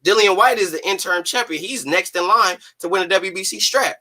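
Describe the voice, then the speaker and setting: A man's voice: high voice, sharp tone. A man hosting a boxing talk stream who rants emphatically and profanely, firing off rhetorical questions. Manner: emphatic, profane, rapid-fire rhetorical ranting. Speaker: host.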